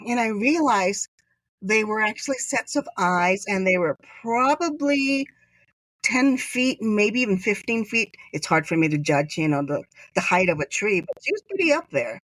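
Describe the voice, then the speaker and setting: A woman's voice: mid-range voice, expressive, moderate pace, a bit bright, dry recording. Chatty woman telling a story, dry sound. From Hawaii. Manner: chatty, acts out quoted dialogue. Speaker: podcast guest. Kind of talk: casual interview storytelling.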